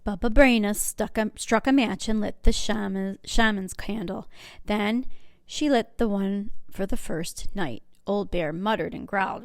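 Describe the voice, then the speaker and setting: A woman working as a children's librarian, reading a picture book aloud with clear, expressive storytelling. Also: mid-range voice, a little slow, no echo, studio quality.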